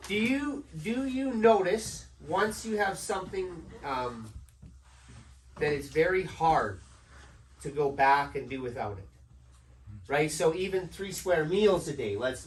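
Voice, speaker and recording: At a normal speed and in a high voice, a male pastor delivers a conversational sermon, inviting responses from the congregation and often ending lines with "right?". A distant microphone picks him up along with faint background noise.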